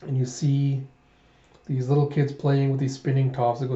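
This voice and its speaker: A man reading a manga aloud with commentary, retelling the scenes in an animated way. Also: medium pitch, moderate pace. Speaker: manga reviewer. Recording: dull echoey home recording.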